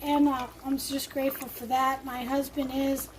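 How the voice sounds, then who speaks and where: Woman, high voice, home cook, casual rambling chat, kitchen. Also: little pitch movement, moderate pace, background noise. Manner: chatty and rambling, laughs often. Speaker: home cooking host. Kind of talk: casual cooking vlog chat.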